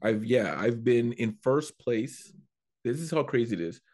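A man, a comedian, telling a story in a casual chat, animated and prone to restarting his sentences. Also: mid-range voice, measured pace. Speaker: comedian guest.

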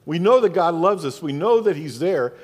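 Southern male pastor, emphatic repeating sermon style, slightly high-pitched, recorded in an echoing sanctuary. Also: expressive, normal speed, breathy edge. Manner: preaching with rhetorical questions and emphatic repetition. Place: church sanctuary. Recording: long reverb of a church hall.

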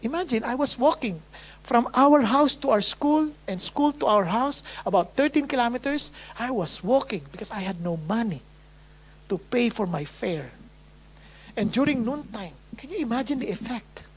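A Filipino woman with a Filipino accent and a husky, medium-pitched voice preaches her testimony in a sermon at a moderate pace with lively intonation. She acts out her past prayers in dramatic quoted lines, swinging between hushed and loud.

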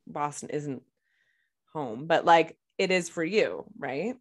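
A woman, co-hosting a casual chat podcast, talkative and quick to laugh. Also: sits low, expressive. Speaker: podcast co-host.

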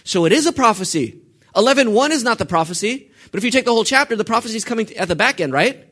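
A male pastor preaching a sermon, asking the congregation questions and swinging between hushed and forceful delivery. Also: high voice, animated, fast talker. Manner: asks the congregation questions and lets them fill in answers.

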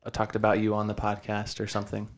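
A man's voice: on the low side, monotone, fast. A young man hosting a casual podcast from his home studio, swearing a lot and saying "dude" constantly as he rambles. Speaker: podcast host.

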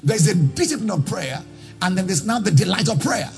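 A man preaching a sermon as pastor, swinging into sung, chanting lines and shouted calls to the congregation. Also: high voice, lively intonation, a little fast, soft background music.

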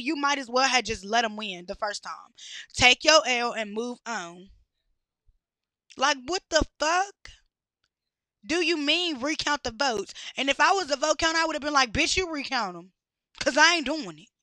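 A woman's voice: high voice, expressive, moderate pace, sharp tone, no room sound, studio quality. A woman ranting bluntly with heavy cursing and exasperated rhetorical questions. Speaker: podcast host. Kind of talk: profane rant.

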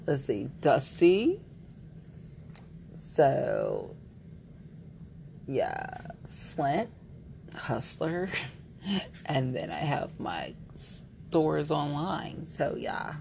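A woman's voice: sits low, expressive, drawn-out words, vocal fry, pauses often, dark tone, a little hiss or hum, poor audio. A woman chatting candidly to camera, rambling and playful, frank and a little giggly, with lots of "like.". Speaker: vlogger. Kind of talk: candid casual chat to camera.

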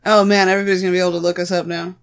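A woman's voice: fairly low pitch, level tone, very fast, clear, resonant tone. A woman co-hosting a podcast in casual chat, playful and self-mocking.

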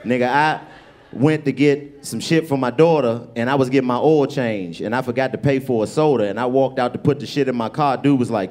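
A young adult man telling a story as a comedian on a comedy club stage, animated with loud bursts, acting out other people. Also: medium pitch, fairly quick.

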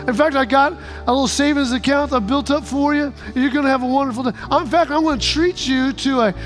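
A preacher voicing a wealthy man who quickly lists all the debts he has paid off. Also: very high voice, soft background music. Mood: generous. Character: rich man making a lavish generous offer.

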